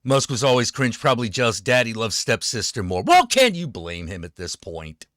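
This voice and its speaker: A man's voice: medium pitch, sing-song, normal speed, a bit bright, dry recording, clean studio sound. A man hosting his own stream, ranting in a sarcastic, profane way about politics. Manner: swearing, sarcastic, fired-up. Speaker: streamer host.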